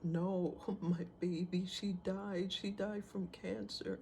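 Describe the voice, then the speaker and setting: Grieving mother about forty, high anguished cries, sobbing, put on by a man telling the story. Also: flat delivery, slow, creaky, a little mellow, slight background noise, exaggerated voice.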